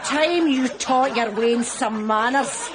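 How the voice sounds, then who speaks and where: A prim Glasgow neighbour. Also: female voice, on the high side, takes it slowly, a loud crowd, very noisy. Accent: Glaswegian. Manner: prim, reproachful. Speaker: sitcom character.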